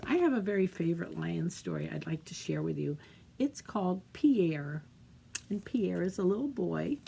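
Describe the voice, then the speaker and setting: A woman leading a children's storytime as librarian, gently explaining a craft and reading a picture book aloud. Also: mid-range voice, gravelly, slight background noise. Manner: gentle, encouraging, talks to kids.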